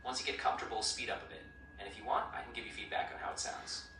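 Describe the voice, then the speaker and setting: A man's voice: lowish voice, very fast. Upbeat male AI voice assistant, distant. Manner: upbeat, encouraging, even-paced explanations. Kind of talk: friendly coaching chat. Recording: roomy, distant speaker playback with clear noise.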